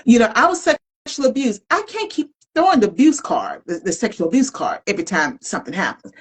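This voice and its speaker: She talks fast in a slightly rough, mid-range voice, and the recording is rough. A middle-aged podcast co-host, she's animated and colloquial, reflecting openly in candid, casual conversation.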